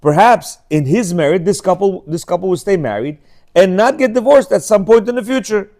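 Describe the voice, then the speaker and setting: Middle-aged guy giving a torah class, pretty high voice, keeps hammering the same point over and over. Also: expressive, fairly quick, mellow. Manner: emphatic, repetitive, scolding. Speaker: religious teacher.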